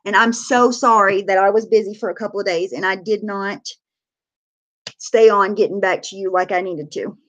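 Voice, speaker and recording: A woman's voice: medium pitch, steady tone, moderate pace, fairly bright tone, muffled recording. A woman talks straight to her livestream chat in a loose, casual way. She is candid and blunt, swears freely, and fills her sentences with "you know" and "like.". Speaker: livestreamer sharing her recovery story.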